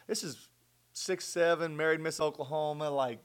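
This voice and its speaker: A middle-aged man telling a personal faith story as a guest in conversation, earnest and animated. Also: on the high side, moderate pace, smooth. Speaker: guest sharing his testimony.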